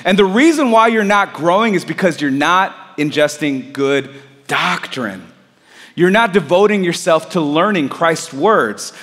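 A man's voice: high voice, a bit bright, big-room sound. A man preaching a sermon in an earnest, conversational way, asking his listeners repeated questions. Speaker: pastor.

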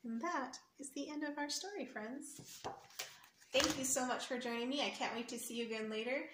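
A woman's voice: high-pitched, normal speed, fairly bright tone. A woman reading a picture book aloud to children, explaining words and pointing at the pictures, in an echoey room with faint hiss. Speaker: storyteller for children.

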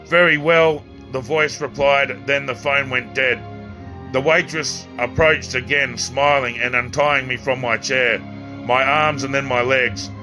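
Man, author reading his own story, bright tense tone, faint background music, slips and restarts. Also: medium pitch, steady tone, a little slow. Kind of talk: first-person story reading.

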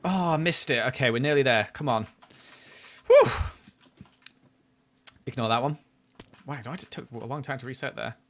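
A man's voice: medium pitch, normal speed, pauses often. A man chatting through a live game stream, criticizing his own play and flaring up at near misses. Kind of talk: live gameplay commentary.

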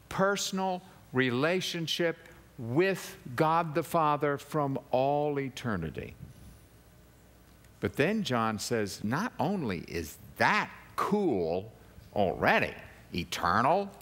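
An older man teaching the Bible in sermon style, emphatic, rising high for climaxes and dropping low for asides. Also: fairly bright tone.

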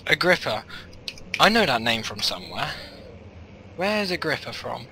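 A man's voice: mid-range voice, big pitch swings, measured pace, sharp tone, a little hiss or hum, rough recording. A young man commentating his gameplay, rambling and self-mocking, often muttering half to himself. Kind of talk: let's-play commentary. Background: game music.

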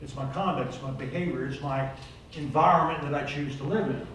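Older guy preaching, plain talk, kinda high voice, echoey room, mic far off. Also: brisk, a bit bright, slight background noise. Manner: earnest, plain-spoken, rises to urgent exhortation. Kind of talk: sermon.

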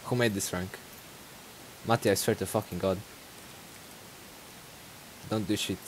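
A man's voice: lowish voice, fairly even intonation, measured pace, slight background noise, rough recording. A man from Croatia hosting a casual livestream, joking crudely and laughing often. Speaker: livestream host.

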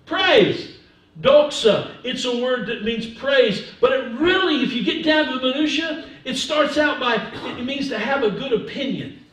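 A man, an older pastor, preaching a sermon with humor, swinging between soft asides and loud emphasis. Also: extremely high pitch, moderate pace. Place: church sanctuary. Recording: echoey church from a distance.

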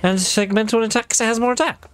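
Male gaming creator, casual and dry, swears easily, voice sits a bit high. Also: fairly even intonation, rapid-fire, smooth. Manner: wry, swears freely, talks to viewers. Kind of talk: casual gameplay commentary.

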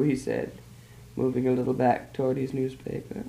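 A woman author reading her own short story aloud in a measured, plain narration. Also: rumbling low, flat delivery, vocal fry, dark tone. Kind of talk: literary reading. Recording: roomy old archive recording.

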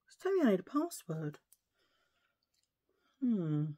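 A woman's voice: medium pitch, big pitch swings, a little slow, warm tone. A woman chatting casually to her viewers in a rambling way, often murmuring to herself. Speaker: vlogger. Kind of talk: casual chat to camera.

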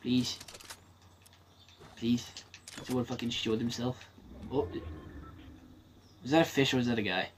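A man's voice: mid-range voice, fairly even intonation, measured pace, long pauses, slight background noise. Swearing male gamer talking to himself. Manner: swears freely, talks to himself while playing. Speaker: gaming streamer. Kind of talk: casual gameplay commentary.

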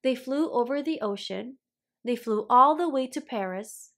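A woman reading a children's story aloud, slowly, clearly and expressively. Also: on the high side, lively intonation. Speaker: storybook reader.

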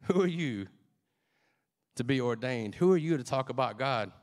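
A preacher voicing a deceiving enemy that taunts him with questions, in a mocking tone. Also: male voice, mid-range voice, expressive, moderate pace, close to an everyday voice. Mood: taunting.

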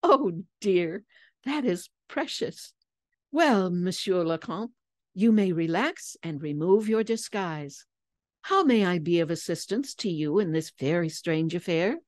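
A woman's voice: lowish voice, animated, a little slow, dry recording, studio quality. A woman voicing a clever young girl detective who explains her deductions precisely and wryly. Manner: crisp, precise, lecturing.

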